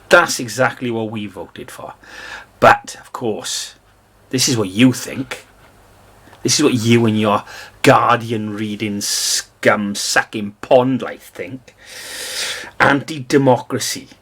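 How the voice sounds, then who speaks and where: A British man delivers a combative political rant. His voice is husky and sits at an ordinary pitch. He lurches between loud, mocking outbursts and low, contemptuous mutters. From Britain. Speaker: political commentator.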